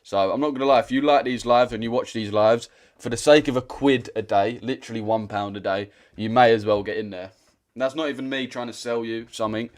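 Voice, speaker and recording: A man's voice: medium pitch, fairly quick. A young British man hosting a trading livestream, chatting casually in a blunt, slangy way that repeats itself. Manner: slangy and direct, repeats himself.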